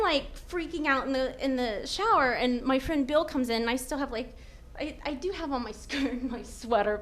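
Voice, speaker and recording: A young adult woman telling a funny personal story on stage, acting out quotes loudly and animatedly. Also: high-pitched, slight background noise. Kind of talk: live comedic storytelling.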